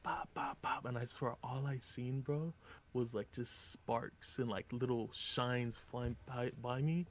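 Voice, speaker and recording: A man's voice: mid-range voice, steady tone, slow. A man streaming live, telling a rambling story full of swearing and acting out what people said. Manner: profane, rambling, acts out quotes.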